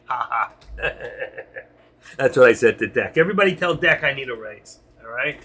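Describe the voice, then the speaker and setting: A man's voice: mid-range voice, moderate pace, bright, forceful tone. A middle-aged man on a live stream, talking to his chat in an emotional, rambling way and answering viewers by name.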